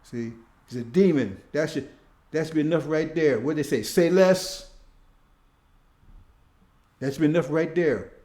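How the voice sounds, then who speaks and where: Male preacher, informal sermon, pitch a touch high, chatty delivery that keeps checking in with the audience. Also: fairly quick, mellow, echoey room. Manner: conversational, keeps asking "see?".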